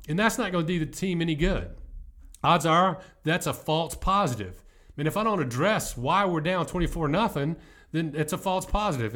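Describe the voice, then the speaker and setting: A man's voice: on the high side, a bit bright. A middle-aged man who coaches football, giving an earnest, emphatic motivational talk.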